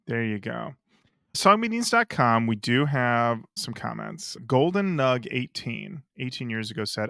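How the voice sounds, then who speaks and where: A man's voice: mid-range voice, very animated, a little slow, vocal fry, fairly bright tone, no echo, studio quality. A male podcast co-host chatting casually and reading listener comments aloud in a laid-back way. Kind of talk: casual music podcast chat.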